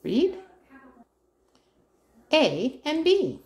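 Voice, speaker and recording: A woman's voice: high voice, wildly swooping pitch, very slow, darkish tone. A woman reading a first-words workbook aloud to her child, spelling out words letter by letter in a sing-song way. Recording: roomy echo.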